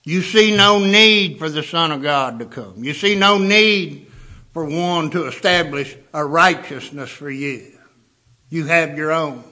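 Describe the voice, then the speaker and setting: Emphatic bright-voiced male preacher. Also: on the high side, unhurried. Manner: emphatic, repeats for stress. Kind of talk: sermon.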